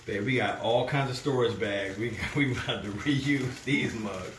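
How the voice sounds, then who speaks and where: A man's voice: medium pitch, measured pace, reverberant, recorded from a distance, noisy background. A man co-hosting a family cooking vlog, joking and laughing as he opens a box from a fan. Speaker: cooking channel co-host. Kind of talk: casual family vlog chat.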